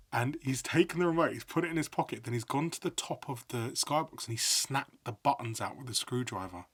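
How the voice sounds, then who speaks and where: A middle-aged man, a guest on a podcast telling a story in a lively chat, acting out quoted voices. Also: medium pitch, a little fast, husky. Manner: animated storyteller, acts out quotes. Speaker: podcast guest, sports broadcaster.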